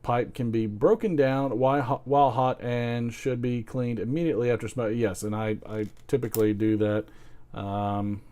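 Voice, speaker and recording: A man's voice: medium pitch, steady tone, moderate pace, mellow. A man in mid voice chats casually on his pipe-smoking channel. He rambles, laughs at his own jokes and slips into silly impressions. The talk is loose and self-deprecating. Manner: chatty, self-deprecating, laughs often, tries comic voices. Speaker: pipe-smoking video host.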